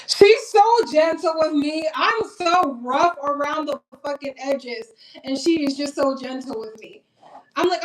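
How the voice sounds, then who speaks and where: A woman's voice: sits high, a little slow, rough recording. A blunt young woman from Minnesota chatting casually while getting ready, swearing freely and talking straight to her viewers. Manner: blunt, profane and animated, talks straight to viewers. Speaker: vlogger. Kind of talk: casual get-ready-with-me chat.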